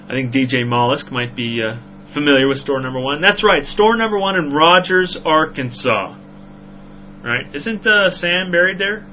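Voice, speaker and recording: A man hosting a podcast, telling a story in a rambling, animated way with frequent "right?" asides. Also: a little high, normal speed. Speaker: podcast host. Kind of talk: casual storytelling chat. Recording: dull lo-fi recording with faint hum.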